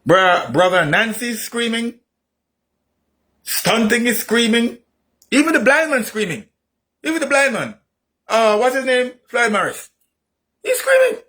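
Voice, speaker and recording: A man delivering an opinionated political monologue, repeating himself emphatically and rising into shouts. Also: extremely high pitch, lively intonation, unhurried, pauses often. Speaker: political commentator.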